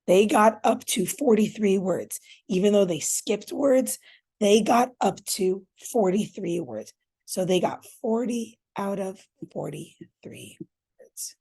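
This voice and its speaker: Scoring a reading fluency test on screen, this teacher chats casually with "you guys," musing aloud as she goes. She has a mid-range, gravelly voice with a dark tone and a breathy edge. Her intonation is lively, though she takes things slowly.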